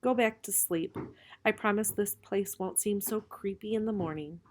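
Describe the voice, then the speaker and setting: A woman voicing a sleepy mother who talks softly and drowsily. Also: medium pitch, normal speed, a little hiss or hum, close to an everyday voice. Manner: drowsy and soft. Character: sleepy, gently teasing mother.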